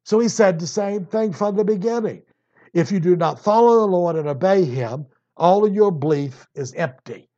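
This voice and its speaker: Preacher guy on a dull old tape, kinda high voice, leans hard on words. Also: lively intonation, normal speed, mellow. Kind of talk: sermon.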